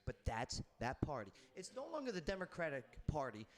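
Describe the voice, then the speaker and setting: A man's voice: a little high, sing-song, brisk. A man hosting a political panel discussion, talking emphatically and repeating his points. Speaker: talk show host.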